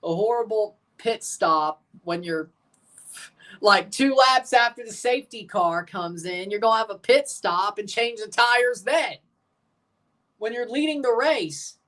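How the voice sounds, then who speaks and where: A man's voice: high-pitched, measured pace, bright, forceful tone. A man hosting a live watchalong, chatting casually in a rambling, sarcastic way and swearing freely. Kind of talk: casual live reaction chat.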